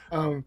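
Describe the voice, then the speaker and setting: A man speaking hesitantly as a panelist in a casual live-stream chat. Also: very high-pitched. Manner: hesitant, halting.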